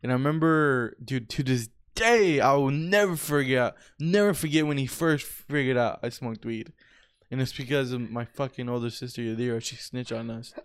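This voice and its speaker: A man's voice: mid-range voice, normal speed, smooth. A young man hosting a podcast, telling stories in a laid-back, profane way and calling people bro. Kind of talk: casual storytelling chat.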